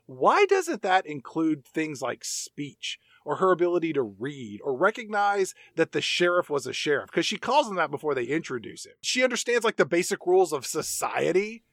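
A man co-hosting a comedic movie recap podcast, sarcastic and animated, acting out the characters in jokey voices. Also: fairly high pitch, moderate pace, few pauses, no echo, studio quality. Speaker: podcast co-host.

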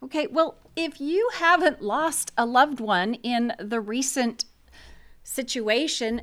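A woman's voice: fairly high pitch, slow pace, a bit bright. A middle-aged woman talking casually and bluntly about grief and support, frank and opinionated.

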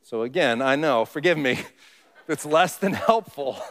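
A man's voice: medium pitch, animated, unhurried. A man preaching a sermon to his congregation in a conversational way, often asking the listeners questions. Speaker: pastor. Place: church sanctuary. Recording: long reverb of a church hall.

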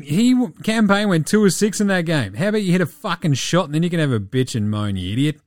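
A man's voice: on the high side, fast talker, few pauses, dry recording, studio quality. Sweary Australian man ranting about sport. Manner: profane, animated, laughing. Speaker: podcast host. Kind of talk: sweary casual sports talk.

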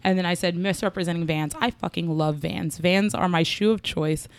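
A woman's voice: lowish voice, fairly even intonation, moderate pace. Woman, podcast co-host, casual chat, opinionated, crude. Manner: opinionated, swears freely.

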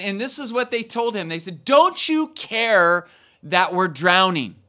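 A man's voice: on the high side, sharp tone. A man preaching a sermon to his church in a conversational way, often restarting phrases and building to emphatic peaks. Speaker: pastor.

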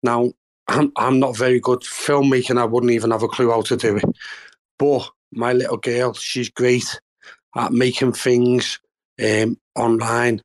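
A man's voice: medium pitch, flat delivery, a little slow. Polite man with a Liverpool accent. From Liverpool, England. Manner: polite, hesitant, self-deprecating. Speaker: caller asking a question.

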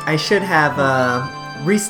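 A woman's voice: low voice, lively intonation, slow. A woman co-hosting a podcast, running a quiz in playful, casual chat and laughing often. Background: game music.

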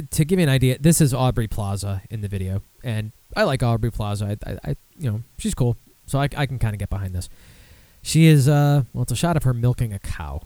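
A man's voice: mid-range voice, dark tone, no room sound. A man hosting a casual podcast, rambling with many fillers and restarts and swearing freely. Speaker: podcast host. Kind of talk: casual beer podcast chat.

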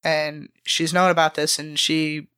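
Animated woman telling workplace stories. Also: sits low, unhurried, clear, resonant tone, no echo, clean studio sound. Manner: animated, swears freely, acts out quotes. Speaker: podcast guest. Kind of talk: casual storytelling chat.

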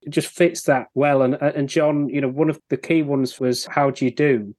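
A man hosting an interview who asks questions in an easygoing, slightly halting way. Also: medium pitch, fairly even intonation, darkish tone, no echo. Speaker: interview host.

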